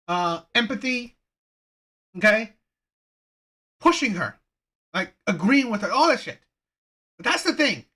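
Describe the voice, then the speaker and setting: A man's voice: high voice, bright, forceful tone. A man hosting a reaction channel, ranting heatedly in repetitive, swearing commentary.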